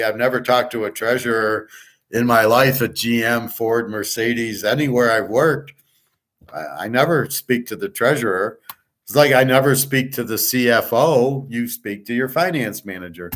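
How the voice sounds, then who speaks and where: A man's voice: on the low side, unhurried. Blunt rambling man telling a work story. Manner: blunt, rambling, repeats himself. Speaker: podcast host. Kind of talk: casual storytelling monologue.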